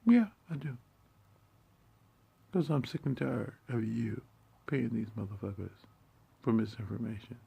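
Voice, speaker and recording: A man delivering a profane, confrontational monologue in streetwise slang. He swings between hushed muttering and sudden loud outbursts. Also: medium pitch, unhurried, creaky, pauses often, breathy edge. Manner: streetwise slang, heavy swearing.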